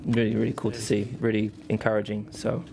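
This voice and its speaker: A racing driver giving earnest, enthusiastic answers at a press conference, often repeating words. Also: male voice, fairly low pitch, monotone, quick pace, creaky, background noise.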